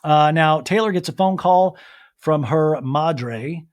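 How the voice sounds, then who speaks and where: A man hosting a podcast who recaps a reality show in a casual, snarky, animated way. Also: a little high, slow. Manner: animated, snarky, acts out quotes. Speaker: podcast host.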